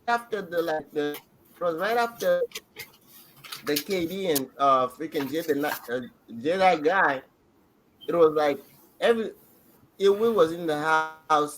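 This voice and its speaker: A man on a podcast excitedly rambling through a show recap, restarting sentences as he goes. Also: high voice, poor audio. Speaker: podcast co-host. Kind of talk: casual reaction chat.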